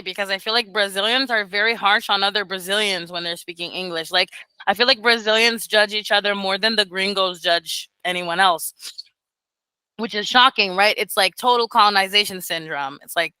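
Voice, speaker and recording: A woman mentoring beginner English teachers on a video call, animated and laughing often as she talks casually. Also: medium pitch, moderate pace, clear, resonant tone, no room sound, rough recording.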